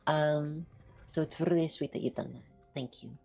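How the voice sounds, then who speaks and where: A woman streamer in casual live-stream chat, soft-spoken, shy and stammering as she thanks her viewers. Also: low-pitched, moderate pace, creaky, slightly rough, faint music behind.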